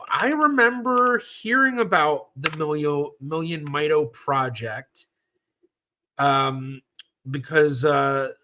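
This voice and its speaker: A man's voice: fairly high pitch, pushed and bright. A man from Southern California hosting a genealogy livestream, talking casually and rambling with fillers and self-corrections as he answers viewer questions.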